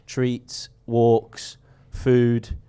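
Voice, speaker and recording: A man co-hosting a football podcast, giving blunt, dry takes and acting out flat mock dialogue. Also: mid-range voice, drawn-out words, smooth. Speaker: podcast co-host. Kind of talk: casual chat.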